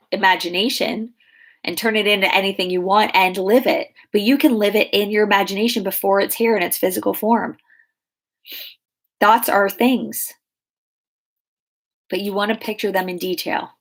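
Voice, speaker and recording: Woman in her thirties, life coach answering client questions, chatty and loose, lots of "like" and "you know". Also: mid-range voice. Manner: chatty, many fillers and restarts. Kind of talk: casual Q&A coaching talk.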